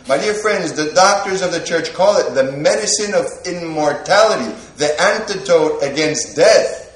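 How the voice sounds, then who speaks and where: A man's voice: on the high side, fairly bright tone, echoey room, low-quality recording. A priest who is also a hospital chaplain, preaching earnestly with rhetorical questions and repeated addresses to his listeners. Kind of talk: sermon.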